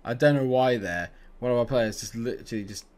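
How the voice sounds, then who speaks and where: A man giving live, animated commentary while playing a football management game, dropping to low mutters and rising to excited shouts. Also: moderate pace, background noise. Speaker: video game player.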